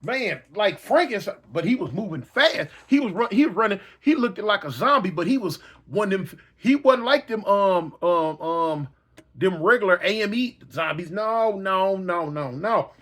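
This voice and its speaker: A man telling a personal story dramatically, acting out yells and reactions. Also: sits high, expressive, normal speed. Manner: dramatic, acts out yells and voices, slangy.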